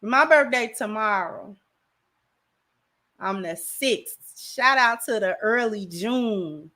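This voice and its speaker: A woman's voice: a little high, expressive, takes it slowly, sharp tone. A woman hosting a livestream, talking casually in a slangy, rambling way on a camera mic. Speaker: livestream host.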